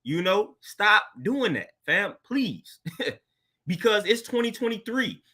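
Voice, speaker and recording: A man with a high, very bright voice talks straight to his listeners in a relaxed, slangy monologue. He speaks loosely and laughs between his points. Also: slow, husky. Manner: laid-back, conversational, laughs often, street slang. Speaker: podcast host. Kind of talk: casual monologue commentary.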